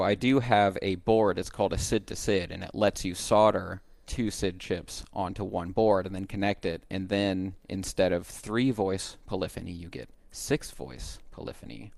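A man's voice: low-pitched, creaky, darkish tone, no echo. A man hosting a podcast, casually explaining old computer music tech step by step with enthusiasm. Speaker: podcast host. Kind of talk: casual podcast chat and demo.

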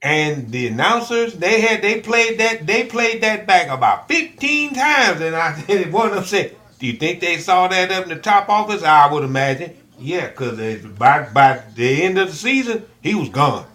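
A man on a podcast, telling a rambling sports story with halting restarts. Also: high voice, sing-song, pushed and bright. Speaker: podcast regular. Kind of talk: casual chat, storytelling.

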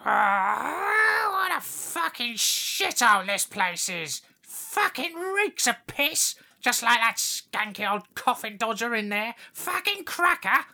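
Comedy radio sketch: a sneering, foul-mouthed pet parrot, voiced by a woman, high and bright, with a lively swing. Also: takes it slowly, creaky, hardly any pauses, full character voice. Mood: disgusted. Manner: swearing, scornful grumbling.

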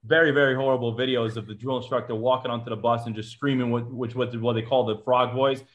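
A man from Georgia talks quickly and casually as an interview guest, recounting his time as a Marine. He acts out what people said and scatters "like" and "uh" through his speech. His pitch is average for a man. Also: fairly even intonation, lo-fi sound. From Georgia, USA. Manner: chatty, acts out quotes, frequent "like" and "uh" fillers.

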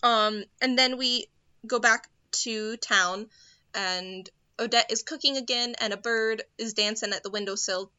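A woman casually recapping a film's plot on a podcast, animated and full of ums. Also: on the high side, a little slow, smooth, no room sound, lo-fi sound. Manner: animated storytelling with filler ums. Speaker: podcast co-host recapping a film. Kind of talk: casual chat.

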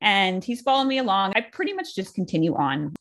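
A woman co-hosting a casual chat, explaining training step by step in a relaxed way with lots of "like" fillers. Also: medium pitch, quick pace. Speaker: dog trainer, co-host.

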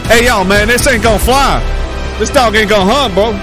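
A man doing the voice of a rowdy, boastful hillbilly itching for a fight, drawling and loud. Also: sits high, very fast, music in the background, pitched above the performer's own voice, lightly acted. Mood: rowdy indignant. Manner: drawling, loud and excitable, with y'all and ain't.

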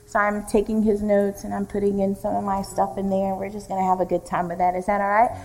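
A woman's voice: medium pitch, completely flat delivery, fast talker, rough recording. A woman pastor teaching a church leadership class, conversational and fond of jokes. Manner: warm, joking, conversational teaching. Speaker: executive pastor.

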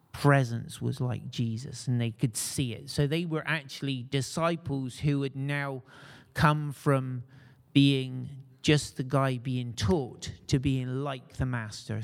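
A man's voice: mid-range voice, vocal fry, a little mellow, long reverb tail. A man preaching a sermon in a conversational way, putting questions to his congregation.

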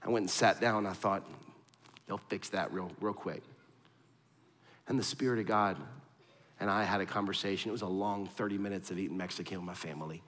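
A man's voice: deep voice, steady tone, quick pace, a bit bright. A pastor in his thirties preaching a conversational sermon, telling stories against himself and speaking straight to his listeners. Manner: storytelling, self-deprecating, direct address to the congregation. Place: church auditorium. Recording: long reverb of a large hall.

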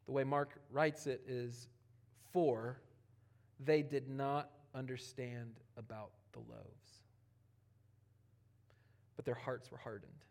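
A man preaching a sermon, animated and conversational, swinging from loud emphatic passages to quiet, near-whispered ones, with casual asides. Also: mid-range voice, slow pace, long pauses. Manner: conversational, with casual asides and playful quoted voices. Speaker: pastor.

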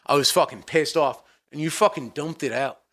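A man co-hosting a podcast, telling a long story in a profane, animated way with mock-angry outbursts. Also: on the high side, moderate pace. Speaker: podcast co-host. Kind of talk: casual storytelling chat.

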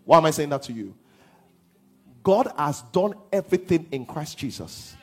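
Husky-voiced guy preaching hard, kinda high pitched, soft music under it. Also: lively intonation, moderate pace. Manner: impassioned preaching, swinging from hushed to half-sung shouts. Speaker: pastor. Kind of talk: sermon.

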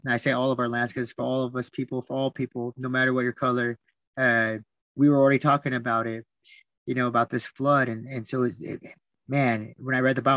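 Soft-spoken guy telling stories on a podcast, very even monotone delivery, keeps restarting, dead dry mic. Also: medium pitch, brisk, no room sound, dull audio. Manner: soft-spoken, repeats words and restarts often. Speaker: podcast guest. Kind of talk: reflective storytelling.

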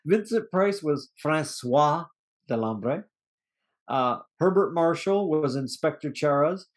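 A man's voice: fairly high pitch, slow pace. A man co-hosting a podcast, chatting casually and rambling about an old movie, cursing now and then. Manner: rambling, animated, swears casually. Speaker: podcast co-host. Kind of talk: casual movie review chat.

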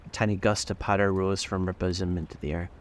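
Audiobook narrator: a man with a very deep voice, measured and deliberate. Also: flat delivery. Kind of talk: scripted narration of a classic novel.

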